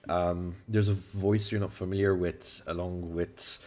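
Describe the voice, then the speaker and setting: A man from Malta narrates a tabletop role-playing game as game master. His voice sits low, and he talks in halting bursts with fillers and restarts. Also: flat delivery, a little mellow.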